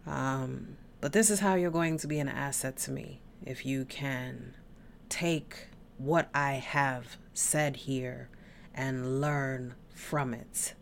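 A woman's voice: very deep voice, takes it slowly, creaky, slight background noise. A woman hosting her own podcast, rambling through tangents in a blunt, casual way and swearing freely. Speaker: podcast host.

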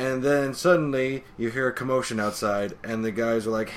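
A man co-hosting a podcast, calmly recapping a manga chapter in a low-key, casual way. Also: normal speed, hardly any pauses, a little hiss or hum. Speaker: podcast co-host.

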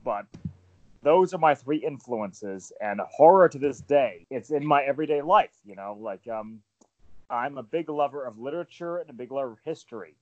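Male host in his 40s, animated storyteller, dull dry remote mic sound. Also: medium pitch, normal speed, dry recording. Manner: animated, storytelling, frequent fillers. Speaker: podcast panel host. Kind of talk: casual panel chat.

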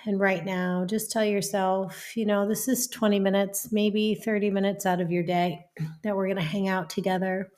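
A woman hosting a casual wellness podcast, upbeat and gushing, turning soft and soothing as she guides listeners through breathing. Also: medium pitch, little pitch movement, normal speed. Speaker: podcast host.

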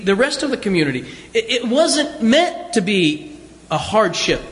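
A man's voice: very high voice, a bit bright, in a large hall. A man preaching a sermon as pastor, talking conversationally with rhetorical questions and repeated words.

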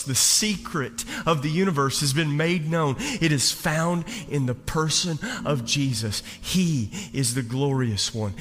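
Male pastor, sermon, slow and emphatic, bright forceful tone, reverberant hall. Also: mid-range voice. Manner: slow and emphatic, building to loud peaks. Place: church sanctuary. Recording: long reverb of a large hall. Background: soft instrumental music.

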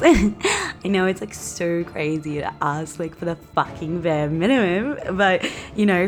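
A young woman in her twenties, hosting a podcast and telling a story in a brash, sweary, animated way. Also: on the low side, normal speed. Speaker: podcast host. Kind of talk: casual storytelling monologue.

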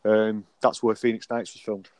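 A man's voice: lowish voice, level tone, moderate pace, a little mellow, no room sound. A man co-hosting a casual podcast, chatty and telling loose anecdotes. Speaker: podcast co-host.

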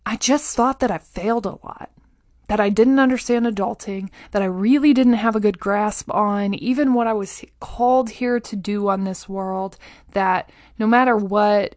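A woman speaks in an earnest, encouraging motivational talk, at an ordinary middle pitch. She is conversational and keeps checking in with the listener as she goes. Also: dry recording, studio quality. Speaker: motivational podcast host.

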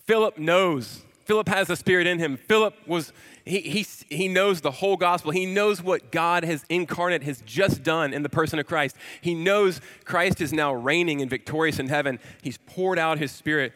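Forceful, bright-voiced preacher in a reverberant hall. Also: male voice, fairly high pitch, moderate pace. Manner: animated storytelling, emphatic repetitions. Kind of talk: sermon.

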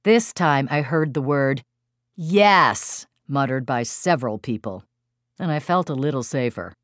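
A woman with a low voice narrates an audiobook about her parenting workshops. Her delivery is expressive and emphatic. The recording is dry and close, with no room echo. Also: normal speed. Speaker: author and parenting workshop leader.

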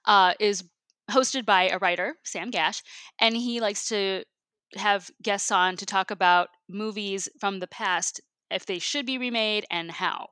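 A woman from Michigan co-hosting a podcast, upbeat and quick to laugh. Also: mid-range voice, bright, forceful tone, clear, resonant tone, no room sound. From Michigan, USA. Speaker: podcast co-host. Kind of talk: casual chat.

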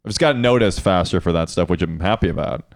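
A man's voice: sits low, fast. A young man, a guest comedian, chatting casually on a podcast as a rambling, joking storyteller.

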